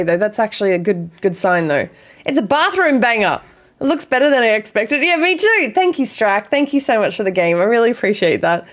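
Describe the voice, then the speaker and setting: A young woman streaming a game, chatting excitedly with chat and swearing freely. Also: fairly high pitch. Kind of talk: casual live-stream chat.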